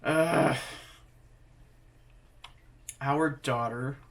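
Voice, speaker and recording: A young man thinking aloud as he practices a language lesson, sounding out foreign words haltingly. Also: medium pitch, a bit bright. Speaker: language learner.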